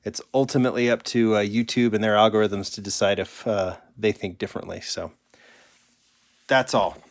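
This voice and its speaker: A man's voice: lowish voice, fairly even intonation, moderate pace. A man hosting a live stream, chatting casually and rambling in a candid, joking way. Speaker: host.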